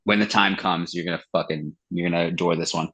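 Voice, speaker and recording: A metal singer being interviewed on a podcast, talking in a loose, profane way. His voice sits low and a little husky. He acts out what others said to him as he tells his stories. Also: steady tone, fast, sharp tone, rough recording. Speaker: guest singer of a metal band. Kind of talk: casual interview chat.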